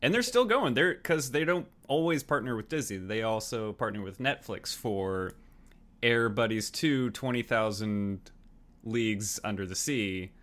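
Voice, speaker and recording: A man on a movie podcast with a lowish voice that swoops up and down a lot. His tone is bright and forceful, and he's sarcastic and laughs easily, tossing in "man" along the way. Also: expressive, a little slow. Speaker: podcast co-host. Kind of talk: casual chat.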